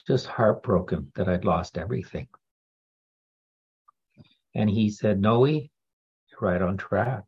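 A man's voice: on the low side, a little slow, long pauses, husky, dull audio. A man giving a candid personal recovery talk in a wry storytelling manner, laughing now and then. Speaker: speaker sharing a recovery story.

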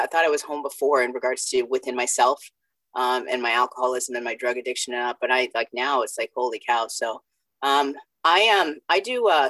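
A woman's voice: a bass voice, a bit bright, dry recording, rough recording. A woman sharing her story at a recovery meeting over a video call, candid, profane and self-mocking. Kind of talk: personal share at a recovery meeting.

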